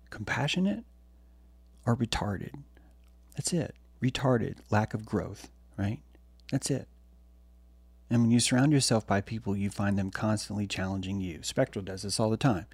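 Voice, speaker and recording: Man, low gravelly voice, blunt profane preacher-style streamer. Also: moderate pace, long pauses, dry recording. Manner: blunt, profane and preachy, swings from loud to hushed. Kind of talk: impassioned monologue.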